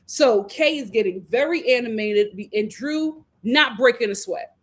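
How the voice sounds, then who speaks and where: A woman hosting a live reality TV review in casual chat, animated, laughing and acting out what the cast said. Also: a little high, normal speed. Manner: animated, acts out cast members' lines, laughs often. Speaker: reality TV recap host.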